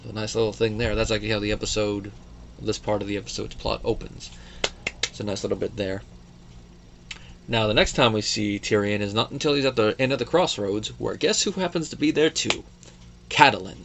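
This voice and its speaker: Male, 30s, lowish voice, casual digressive reviewer; faint ambience under the recording. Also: vocal fry, a bit bright, a little hiss or hum. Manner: chatty, digressive, with fillers and quoted asides. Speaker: show reviewer. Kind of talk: casual solo review commentary.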